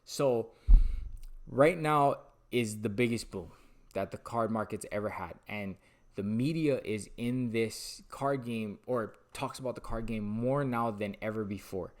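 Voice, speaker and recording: A young man talking excitedly to camera about sports card investing, rambling and losing his train of thought. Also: lowish voice, measured pace. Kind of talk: casual talking-head monologue.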